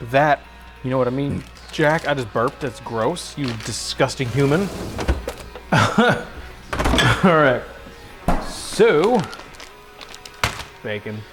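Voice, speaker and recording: Young man, goofy cooking livestream host, home kitchen, slightly high voice, faint music behind. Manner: goofy, self-mocking, chatting with viewers while cooking. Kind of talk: casual cooking livestream chat.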